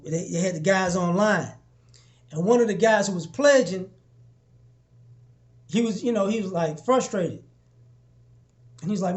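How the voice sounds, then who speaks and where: A young man giving a casual motivational talk to his followers, preaching and repeating himself, often acting out little exchanges in a lower voice. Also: darkish tone. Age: young adult. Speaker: motivational vlogger.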